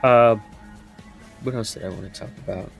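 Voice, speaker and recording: A man's voice: fairly low pitch, normal speed, vocal fry, soft background music. Rambling young man reviewing a movie. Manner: rambling, incredulous, laughs often, swears casually. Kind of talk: unscripted spoken movie review.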